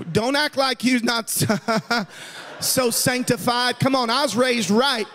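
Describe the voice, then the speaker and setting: A man, an evangelist, preaching a sermon with storytelling that builds to shouted emphasis. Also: very high voice, steady tone, slow pace, a little hiss or hum. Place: church sanctuary. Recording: long church reverb.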